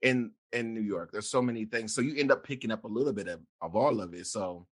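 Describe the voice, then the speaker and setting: In a dry, studio-quality recording, a male podcast host with a lowish voice talks fast. Curious and laughing, he asks casual interview questions and restarts them often.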